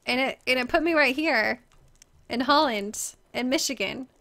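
A woman's voice: high voice, normal speed, vocal fry, sharp tone. A young American woman streaming live, chatting casually with viewers, giggly, flustered and self-deprecating. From United States.

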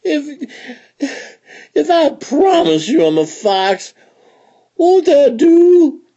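A man's voice: extremely high pitch, very animated, drawn-out words, lo-fi sound, pitched above the performer's own voice, full character voice. A man doing a frantic, pompous fox. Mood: wailing. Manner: shouting, wailing, pleading.

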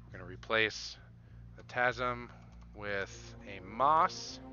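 A man's voice: fairly low pitch, animated, slow pace, muffled recording, faint music behind. A man streaming a game, eagerly commenting, asking viewers for input, and calling out naval orders. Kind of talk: live gameplay commentary. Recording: game sounds loud behind the voice.

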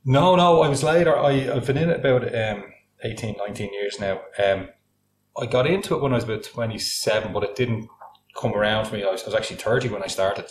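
A man in his forties with an Irish accent, chatting as a podcast guest and telling lively stories full of "like" and "you know". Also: mid-range voice, fast, reverberant. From Ireland. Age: 40s. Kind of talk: casual anecdote-telling in conversation.

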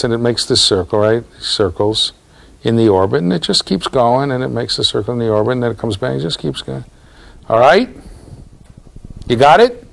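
A man lecturing a university class in a lively, jokey way, talking straight to the students. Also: mid-range voice, gravelly. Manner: animated, jokey, talks to students directly.

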